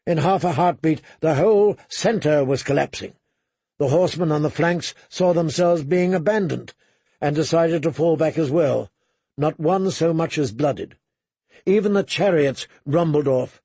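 A man narrating a dramatic audiobook, measured, sinking to hushed low tones for tension. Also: husky, dry recording.

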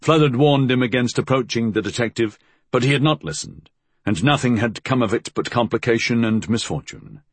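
A man reading a novel aloud as an audiobook narrator, measured and expressive. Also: medium pitch, husky, no echo.

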